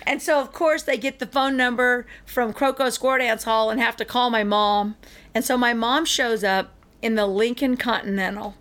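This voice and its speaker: Middle-aged woman chatting on a podcast, kinda high voice, animated storyteller. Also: moderate pace. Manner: animated, acts out the people in her stories. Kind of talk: casual storytelling chat.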